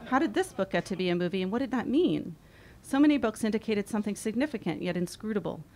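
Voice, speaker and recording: A woman in her forties reading her own memoir aloud, wry and expressive. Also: medium pitch, quick pace. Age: 40s. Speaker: author.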